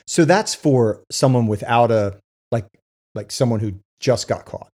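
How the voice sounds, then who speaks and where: A man explaining sentencing in casual talk, halting and full of fillers and restarts. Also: mid-range voice, expressive, darkish tone. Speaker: co-host with legal case experience. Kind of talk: casual discussion.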